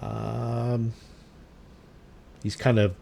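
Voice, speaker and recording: Male game master, mid-pitched, slow deliberate delivery, filler-heavy narration of combat. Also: level tone, gravelly, warm tone, slight background noise. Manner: unhurried, thinking aloud with fillers.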